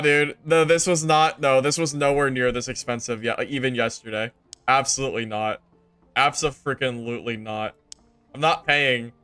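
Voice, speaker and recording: Young man streaming, smooth and exasperated. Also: no room sound. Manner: exasperated, joking, jumps to loud high outbursts. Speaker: game streamer. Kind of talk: casual gameplay commentary.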